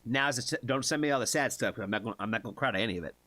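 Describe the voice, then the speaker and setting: On a live music reaction stream, a man chats casually with his viewers, excitable and swearing often. His medium-pitched voice races along, with no echo.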